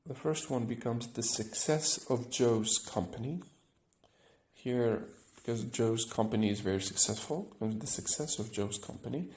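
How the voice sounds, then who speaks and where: A man's voice: medium pitch, moderate pace, a little mellow, echoey room. A man teaching an English grammar lesson, explaining step by step and often checking with "right?".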